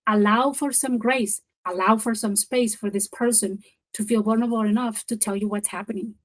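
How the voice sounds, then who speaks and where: A woman with a slightly high voice presents a professional development webinar. Her delivery is lively and encouraging, like a coach. She leans on key words and repeats them for emphasis. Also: moderate pace, rough recording.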